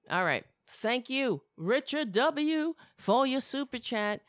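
A woman's voice: high voice, big pitch swings, unhurried, hardly any pauses, no room sound. Profane sarcastic woman streamer, dry sound. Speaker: political commentary host. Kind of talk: profane live-stream commentary.

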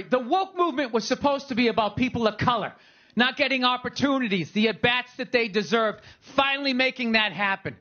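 A man's voice: very high-pitched, sharp tone, highs cut off. A man doing a stand-up comedy routine, sarcastic and slipping into mocking impressions.

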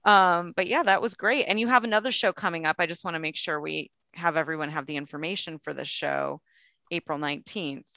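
Young woman cohost, bright voice on the low side, giggly and upbeat, dry mic. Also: fairly quick, vocal fry, no room sound. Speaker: podcast co-host. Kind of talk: casual chat.

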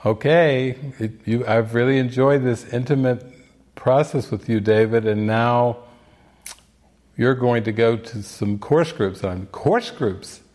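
Storytelling older man, mid-pitched voice. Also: slow, a little mellow. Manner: storytelling, acts out quoted voices. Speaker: spiritual teacher giving movie commentary. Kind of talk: casual spiritual talk.

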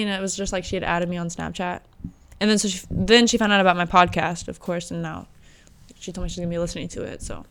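Chatty young woman telling a story. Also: medium pitch. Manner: storytelling, animated, laughs often. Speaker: podcast host. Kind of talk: casual chat.

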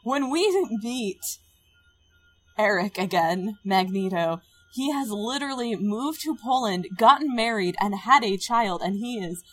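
Animated swearing woman reviewing films. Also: a little slow, rough recording. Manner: animated, swears freely, drops into a low mutter. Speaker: podcast co-host. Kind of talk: casual film review chat.

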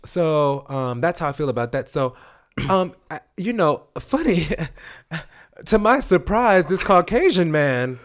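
Animated, profane New man. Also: on the high side, measured pace. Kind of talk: casual chat.

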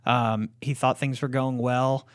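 Guy hosting a card collecting podcast, even mid voice, walks through prices steady, dry mic. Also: mid-range voice, unhurried, dry recording. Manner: steady, informative, frequent affirmations. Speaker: podcast host. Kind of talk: casual chat and card price rundown.

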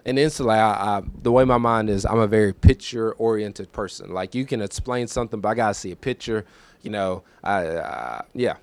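A man in his thirties preaching a personal testimony in a conversational, emotional way, moving from quiet recollection to raised, emphatic lines. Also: on the low side, fairly quick, no echo. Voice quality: conversational, emotional, repeats himself. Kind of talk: testimony sermon.

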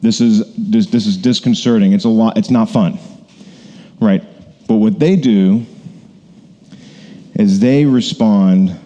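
A man's voice: on the low side, takes it slowly, pauses often, mellow. A man preaching a conversational sermon, rambling with many fillers and self-corrections. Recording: long hall reverb.

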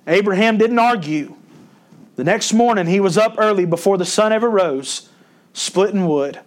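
A man's voice: sits high, moderate pace. A male pastor preaching a sermon, folksy and storytelling, rising in emphasis when he quotes scripture.

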